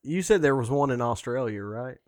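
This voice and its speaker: US man, co-host, dry teasing, trails off soft, dead dry sound. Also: medium pitch, lively intonation, fairly quick, no room sound. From Southern United States. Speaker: podcast co-host. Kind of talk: casual podcast chat.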